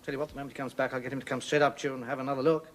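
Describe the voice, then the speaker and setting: An actor playing a brisk, courteous country vet with a dry wit. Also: male voice, mid-range voice, level tone, a little hiss or hum, lightly acted. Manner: crisp, courteous, dryly amused. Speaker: veterinary surgeon.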